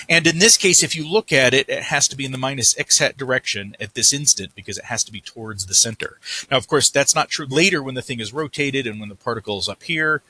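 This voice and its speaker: Husky, bright-toned physics lecturer, man. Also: mid-range voice. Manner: thinking aloud, self-correcting while writing. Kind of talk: recorded lecture working problems at a board.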